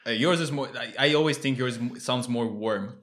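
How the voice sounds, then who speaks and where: A man's voice: medium pitch, normal speed, fairly bright tone. A man co-hosting a casual podcast, laid-back, with wry teasing remarks. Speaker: podcast co-host. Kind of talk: casual chat.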